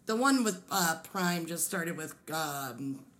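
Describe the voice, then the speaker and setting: Bright-voiced woman in casual chat. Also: low-pitched, expressive, slow. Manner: chatty, searches for words, laughs easily.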